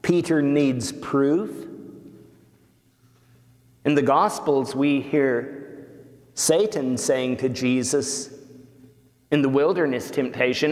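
A pastor preaching a sermon slowly and deliberately, rising for emphasis. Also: male voice, a little high. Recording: long reverb of a church hall.

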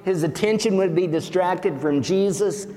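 A pastor preaching a sermon slowly and deliberately, rising for emphasis. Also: male voice, high voice, mellow. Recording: long reverb of a church hall.

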